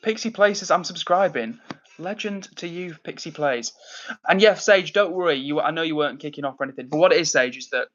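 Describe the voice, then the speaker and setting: Reading out and replying to chat messages, a Manchester-area man hosts a relaxed livestream from his home. He speaks fairly quickly in a slightly high voice, friendly and upbeat with lots of fillers and shout-outs, and the recording has its highs cut off.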